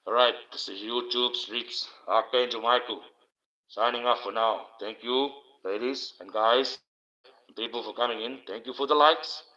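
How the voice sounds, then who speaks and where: Man, livestream host, rambling chat, bright forceful tone, dull lo-fi sound. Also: mid-range voice, fairly even intonation, normal speed. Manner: rambling, swearing, chatty banter. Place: home livestream, alone. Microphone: low-placed desk mic. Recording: dull lo-fi stream audio.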